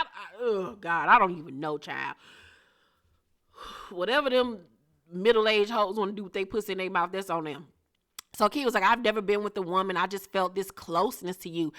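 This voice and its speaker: Blunt, sassy woman recapping reality TV. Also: sharp tone. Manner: blunt, profane, sassy, swings into high shocked exclamations. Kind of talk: casual recap commentary.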